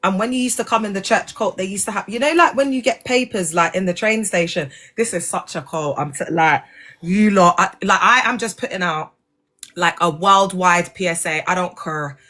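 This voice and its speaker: A woman talks straight to her viewers in a loose, slangy livestream. She is animated and direct, and her voice sits at a middle pitch. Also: normal speed. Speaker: livestream host, former church member. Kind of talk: casual livestream commentary.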